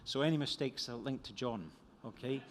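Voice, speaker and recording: At a moderate pace and in a mid-range voice, an older man with a Scottish accent, an economist from Scotland, gives a conference talk on his book. It's rambling and self-deprecating, with many restarts. The recording has slight background noise and lecture hall reverb.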